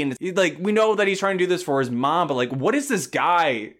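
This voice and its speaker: A man co-hosting a podcast, recapping a movie in casual chat, sarcastic, swearing and slipping into quick voices for the characters. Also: on the high side, very animated, fairly bright tone. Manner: swears casually, laughs at own jokes. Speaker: podcast co-host.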